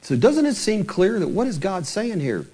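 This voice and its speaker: A married man preaching a sermon in an animated way, asking many rhetorical questions and retelling scripture. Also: high-pitched, moderate pace, husky. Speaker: pastor.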